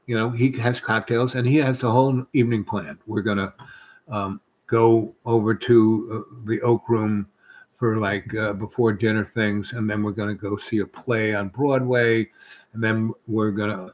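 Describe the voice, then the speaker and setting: A man's voice: on the low side, low-quality recording. Rambling man telling a personal story. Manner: rambling, fillers, quotes others in quieter voice.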